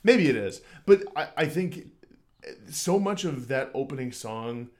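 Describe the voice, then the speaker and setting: A man co-hosting a music podcast in casual chat, excited and rambling, stumbling over his words and swearing casually. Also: medium pitch, unhurried. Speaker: podcast co-host.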